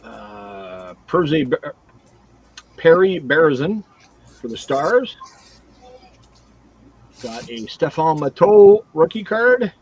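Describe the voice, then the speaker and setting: A man's voice: on the high side, takes it slowly, long pauses, poor audio. A man hosting a casual livestream card break, reading out cards and teams one after another. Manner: reads out cards and teams in a steady run.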